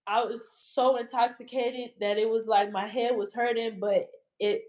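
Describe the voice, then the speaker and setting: Candid, slightly high-voiced woman. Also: fairly even intonation, normal speed, darkish tone. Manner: candid, rambling, swears freely. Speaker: guest. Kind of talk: casual storytelling interview.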